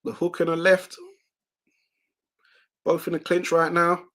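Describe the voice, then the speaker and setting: A young man hosting a live watch-along, giving excitable play-by-play of a boxing match and reading out viewer comments. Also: fairly high pitch, unhurried. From United Kingdom.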